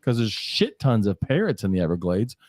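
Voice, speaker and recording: A man's voice: fairly low pitch, sing-song, brisk, a little mellow, no echo, studio quality. A man hosting a podcast, chatting in a laid-back, joking way and swearing casually. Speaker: podcast host.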